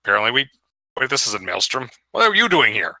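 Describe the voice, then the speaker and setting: A man voicing a gruff male frost giant warrior who talks bluntly and curses impatiently. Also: mid-range voice, big pitch swings, fast talker, bright, forceful tone, dry recording, heavily acted.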